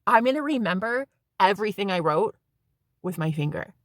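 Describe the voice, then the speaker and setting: A woman's voice: medium pitch, expressive, brisk, no echo, clean studio sound. A woman in her thirties telling a rambling, casual story to her vlog viewers and swearing freely. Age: 30s. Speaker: spiritual vlogger.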